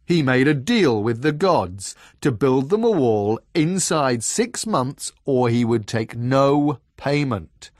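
A man voicing a huge, boastful male frost giant, booming and slow in a storybook reading. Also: very animated, no room sound, studio quality. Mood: aggrieved.

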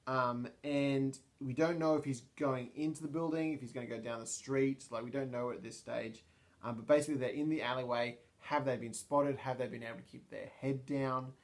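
A man's voice: mid-range voice, fairly even intonation, fairly quick. A man narrating a solo tabletop game, thinking aloud with many ums and restarts. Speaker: storyteller and player.

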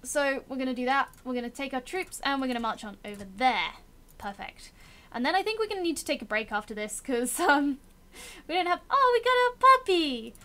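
Woman, high voice, young adult, casual game commentary, chatty, self-mocking. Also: lively intonation, a little fast, fairly bright tone. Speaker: gameplay commentator.

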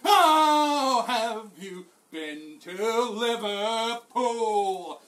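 Man, chanty leader, very high voice, unhurried drawn-out delivery, shouted solo calls, crew chorus. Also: animated, very noisy. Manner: loud, shouted solo lines with sung call-and-response. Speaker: chanty singer and lecturer. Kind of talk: leading sea chanties, with spoken teaching asides. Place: aboard a sailing ship.

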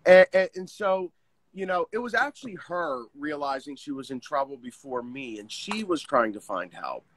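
A man, telling a painful personal story as an interview guest, in an earnest, halting way with many restarts. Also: a little high, very animated, slight background noise. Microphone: video call.

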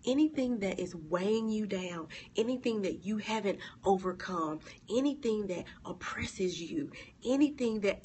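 A woman's voice: lively intonation, normal speed, darkish tone, husky. A woman hosting a devotional livestream, preaching with emphatic repetition and reading viewers' comments aloud. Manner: preachy, emphatic, repeats key words, big pitch swings. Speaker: blog host.

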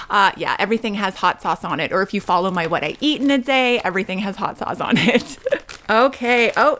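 Bubbly, excitable woman vlogger. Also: fairly high pitch. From Canada. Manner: bubbly and excitable, squeals and laughs often. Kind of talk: unboxing vlog, casual chat. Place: at home.

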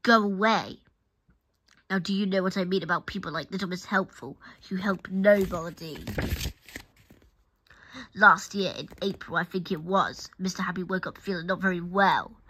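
A woman reading a children's picture book aloud, expressive and talking straight to the listener. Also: fairly low pitch, moderate pace, husky. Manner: expressive, addresses the listener directly. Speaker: storybook reader.

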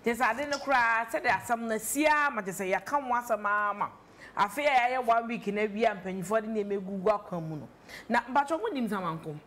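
A woman's voice: fairly high pitch, fast. A woman on a talk show panel, chatting casually and animatedly, mixing English into her talk. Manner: animated, mixes English into Twi. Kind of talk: casual chat.

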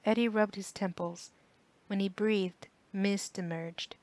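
Calm woman narrating an audiobook. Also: mid-range voice, dry recording. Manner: calm, measured storytelling. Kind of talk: scripted narration.

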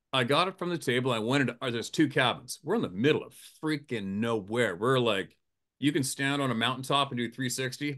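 A man who works as a hunting guide, telling a profane, animated campfire story, laughing often and acting out the quotes in a raised voice. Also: mid-range voice. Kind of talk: casual storytelling. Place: campfire outdoors.

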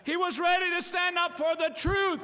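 A man pastor preaching an impassioned sermon in a church, rising to shouts at times. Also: very high-pitched, fairly even intonation, normal speed, long reverb tail.

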